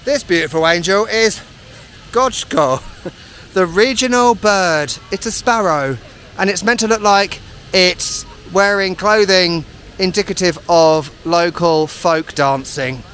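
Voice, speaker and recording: A man's voice: high voice, takes it slowly, fairly bright tone, slight background noise. Chatty man vlogging outdoors. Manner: chatty, self-mocking, enthusiastic. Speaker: travel vlogger. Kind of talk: casual walking travel vlog. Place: outdoors in a spa town street.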